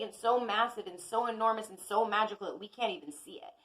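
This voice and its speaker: A woman's voice: mid-range voice, fast, a bit bright, poor audio. A woman giving a casual teaching talk as an intuitive healer and astrology teacher. She is chatty and conversational and speaks straight to her viewers.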